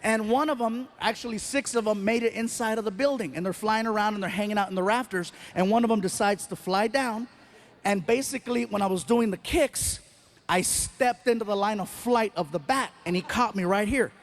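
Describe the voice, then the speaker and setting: A male stand-up comedian telling an animated story on stage and acting out the people in it. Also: high-pitched, fairly quick. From Mexican-American. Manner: animated, acts out voices.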